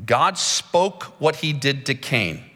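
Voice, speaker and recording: A man preaching a sermon in a large church hall, with a dramatic, slow and emphatic delivery that climbs high when he gets excited. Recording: long hall reverb.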